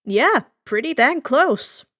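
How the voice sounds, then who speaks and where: A woman's voice: high voice, animated, slow, a bit bright, no echo, studio quality, heavily acted. A woman voicing a laid-back teenage boy demigod in a fan fiction reading, talking in an offhand way. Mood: casual. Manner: casual, offhand.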